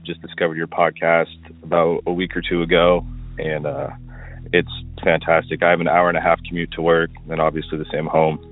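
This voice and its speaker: A man's voice: low voice, monotone, a little fast. A man from Washington State calling in to tell a rambling story, full of fillers, as a recorded voicemail. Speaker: caller. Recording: tinny phone line.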